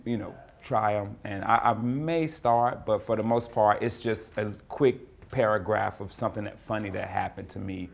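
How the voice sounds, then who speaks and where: A man from North Carolina, a comedian answering interview questions in a relaxed, rambling way, often repeating words. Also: fairly low pitch, creaky. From North Carolina, USA.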